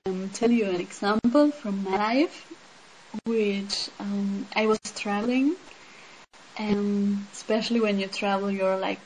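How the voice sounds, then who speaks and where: A woman's voice: medium pitch, darkish tone, slight background noise, rough recording. A woman from Switzerland, speaking in a casual spiritual talk and sharing her own experiences in an earnest, reflective way, often saying "like" and "um". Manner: earnest, reflective, with many "like" and "um" fillers. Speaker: speaker sharing personal insight.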